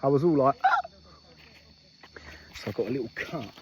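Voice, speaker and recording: Riding a moped outdoors, a male travel vlogger rambles casually and jokes about himself, at times slipping into a put-on Australian-style accent. His mid-range, darkish voice races along over noisy outdoor camera audio with engine and jungle noise behind it.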